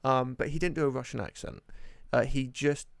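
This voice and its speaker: A man in casual podcast chat, hesitant and halting, with many ums as he searches for examples. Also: mid-range voice, fairly even intonation, vocal fry, no room sound.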